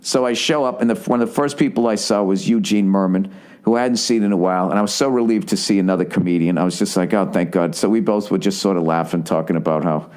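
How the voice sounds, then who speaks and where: A man's voice: deep voice, fast, a little mellow, clean tone. A man in his forties hosting a solo podcast, telling a long, profane, self-deprecating story full of restarts and asides. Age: 40s. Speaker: podcast host.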